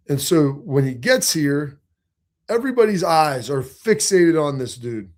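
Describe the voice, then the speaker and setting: A man in his forties hosting a sports talk show with an emphatic, energetic delivery. His voice sits a little high for a man, and he keeps a loose, conversational flow. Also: measured pace. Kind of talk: casual sports talk commentary.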